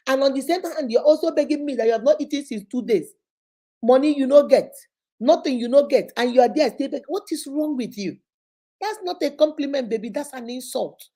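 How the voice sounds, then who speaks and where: Animated Nigerian woman in her fifties. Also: sits high. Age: 50s. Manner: animated and scolding, mixing in pidgin and Igbo phrases. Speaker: host. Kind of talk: casual livestream advice talk.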